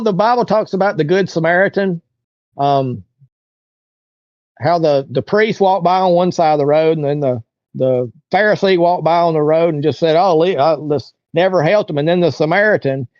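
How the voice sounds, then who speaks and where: A man with a fairly high speaking voice tells his story as an interview guest. He rambles and jumps into the voices of the people he met. The sound is dull and lo-fi, with a dry, close feel. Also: normal speed, a little mellow, dry recording. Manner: rambling, acts out other people's lines in raised voices.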